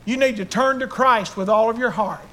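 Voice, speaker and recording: A man's voice: very high voice, brisk, bright, forceful tone. An older man preaching a sermon to his church, fervent and emotional in his delivery. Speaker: pastor.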